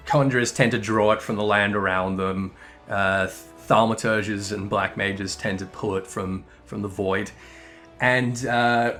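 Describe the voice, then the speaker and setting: Fairly bright in tone but lowish in pitch, a man's voice delivers casual gameplay commentary. He rambles, swears, and keeps correcting himself as he goes.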